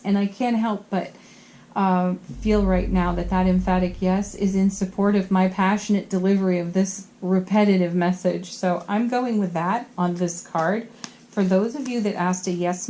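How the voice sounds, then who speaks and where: A woman doing a tarot card reading, earnest and gentle, tired, often giggling at herself. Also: mid-range voice, slight background noise. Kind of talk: spiritual card reading to camera.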